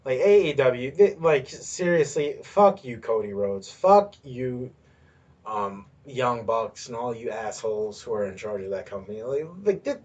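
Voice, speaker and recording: A man's voice: medium pitch, fairly bright tone. A man hosting a podcast on his own, ranting in a rambling way with lots of swearing and filler words. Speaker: podcast host. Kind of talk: solo ranting commentary.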